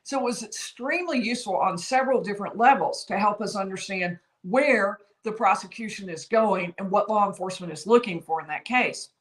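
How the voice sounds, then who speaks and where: Woman, livestream host, measured explaining, slightly strained voice, mid pitch. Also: rough recording. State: slightly losing her voice. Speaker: legal commentary host. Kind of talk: livestream commentary. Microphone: streaming setup.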